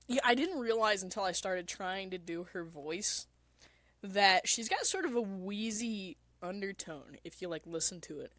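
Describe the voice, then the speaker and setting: A woman's voice: medium pitch, expressive, moderate pace, fairly bright tone, no room sound. Woman streamer rambling casually, swears a bit, dry close sound. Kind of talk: casual solo chat.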